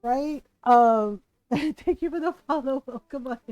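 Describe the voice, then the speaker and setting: A woman streaming live, chatting casually with her viewers as she tells a family story, animated and quick to laugh. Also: sits high, dry recording, soft background music. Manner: animated, laughs often, acts out quotes.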